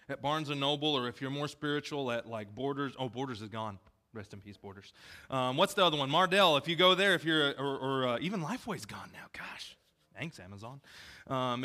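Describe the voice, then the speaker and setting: A man's voice: medium pitch, pushed and bright. A man preaching a casual, conversational sermon full of movie references and self-deprecating asides. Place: church gym.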